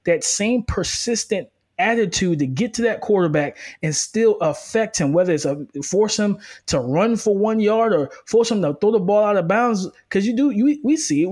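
A man with a somewhat high voice talks football as a co-host in a relaxed podcast chat. He is energetic and quick, restarting his sentences as he builds his points. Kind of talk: casual sports analysis chat.

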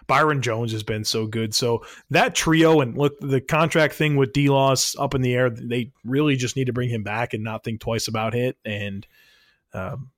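A man's voice: mid-range voice, steady tone, moderate pace, a bit bright, no room sound, studio quality. A man co-hosting a sports podcast, chatting casually about football in an upbeat, teasing way. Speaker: podcast co-host.

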